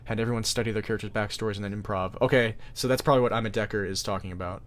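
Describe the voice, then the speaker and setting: A man's voice: on the low side, fairly even intonation, racing. Male streamer, Portuguese native, American-sounding accent; casual, rambling chat with lots of restarts. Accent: American-sounding English. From Brazil. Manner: rambling, self-correcting, with frequent restarts. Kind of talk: casual livestream chat, reading chat aloud.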